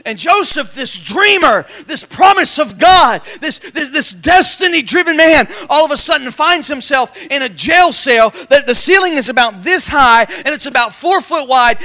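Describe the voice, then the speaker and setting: A male pastor gives a dramatic church sermon, calling out for congregation responses in call-and-response style and swelling into shouts. His voice sits unusually high for a man, sounding bright and forceful.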